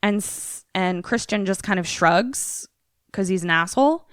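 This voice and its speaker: A young woman podcast co-host recapping a movie in casual, animated, profane storytelling. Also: medium pitch, a little slow, clear, resonant tone, no room sound, studio quality.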